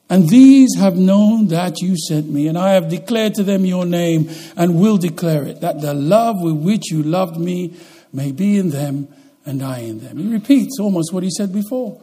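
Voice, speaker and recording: Husky preacher man with a warm, high voice. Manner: preaching with wide swings between loud emphatic lines and quiet slow ones. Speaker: pastor. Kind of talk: sermon.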